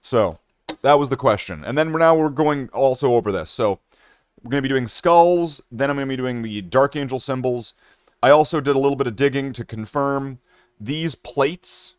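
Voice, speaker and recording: A man's voice: fairly low pitch, no echo. Rambly jokey canadian guy chatting with his stream, painting minis, dry audio. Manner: rambling, jokey, talks to chat. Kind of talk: casual livestream chat while painting miniatures.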